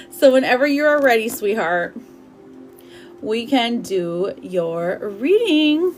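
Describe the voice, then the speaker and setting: With faint music behind her, a tarot reader speaks slowly in a slightly high, sing-song voice, pausing often. On her live stream she's chatty and sweet, calling viewers sweetheart and babe and laughing and saying "like" often.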